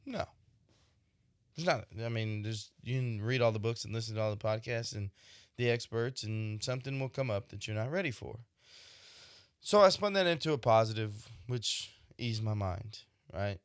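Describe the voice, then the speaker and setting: A reflective male podcast host who is expecting a child delivers a casual monologue at normal speed in a smooth, lowish voice. He conversationally drops frequent "right?" asides, recorded on a dry mic with no room sound.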